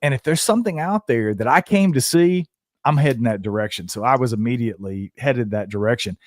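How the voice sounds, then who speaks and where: A man's voice: medium pitch, a little fast, no room sound, studio quality. A man who was a police officer, telling a story as a podcast guest with emphatic, slangy energy. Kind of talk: casual storytelling chat.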